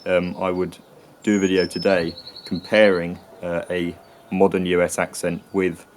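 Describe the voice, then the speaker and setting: A man hosting an educational channel, explaining in a hesitant way with many pauses, fillers and restarts. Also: sits low, level tone, slight background noise. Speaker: channel host explaining accents. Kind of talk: educational talk to camera.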